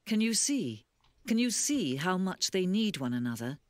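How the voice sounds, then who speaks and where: A solemn, pleading game narrator. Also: female voice, on the low side, sing-song, no room sound. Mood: wistful. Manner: slow, solemn and earnest.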